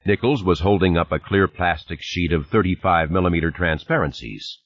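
A man narrating an audiobook in a measured, expressive reading, recorded on a dull lo-fi cassette. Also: sits low. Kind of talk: scripted narration.

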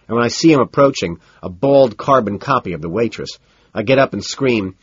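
A man narrates a first-person audiobook in a cool, detached deadpan. His husky voice still rises and falls with lively pitch. The recording is dry and a little dull. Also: a little fast, no room sound.

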